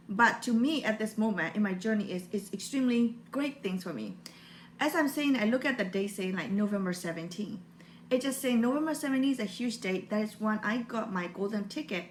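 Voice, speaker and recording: A woman's voice: medium pitch, fairly bright tone, a little hiss or hum. A woman in her forties from Burma with a Burmese accent, giving an earnest, heartfelt motivational talk in non-native English. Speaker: motivational vlogger.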